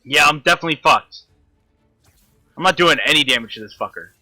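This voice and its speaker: Man, gameplay commentary, constant swearing, sharp bright voice. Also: a little high, lively intonation, fairly quick, soft background music. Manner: frustrated, swearing constantly, talking to the enemy. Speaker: gamer.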